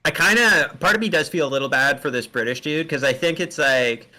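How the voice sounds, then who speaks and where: A man's voice: on the high side, fairly quick, sharp tone, poor audio. A man co-hosting a podcast in casual chat, musing and hedging his opinions. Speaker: podcast co-host.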